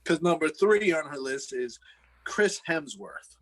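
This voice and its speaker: A man's voice: fairly high pitch, expressive, measured pace, a crowd in the background. Laughing man telling a story. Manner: laughs often, storytelling with quoted asides. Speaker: podcast co-host. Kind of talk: casual banter.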